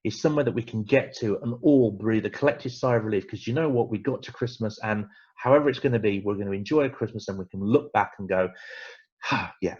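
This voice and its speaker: A man presenting a fundraising webinar, emphatic and animated, repeating words for stress. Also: fairly low pitch, fast talker, husky, muffled recording.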